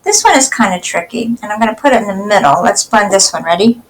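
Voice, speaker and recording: A woman teacher giving a phonics lesson to young children, speaking slowly and sounding out each word part clearly. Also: medium pitch, expressive, low-quality recording. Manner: slow, carefully enunciated, sounding out word parts.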